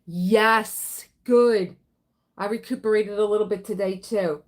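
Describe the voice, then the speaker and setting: A woman's voice: mid-range voice, steady tone, unhurried. Chatty woman hosting a livestream. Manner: chatty, reads out viewer greetings. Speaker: livestream host. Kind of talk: casual livestream chat.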